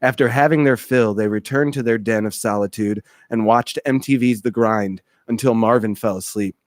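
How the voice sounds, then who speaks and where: Male host, middle pitch, deadpan mock-serious skit narration, dry close sound. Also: moderate pace, no room sound.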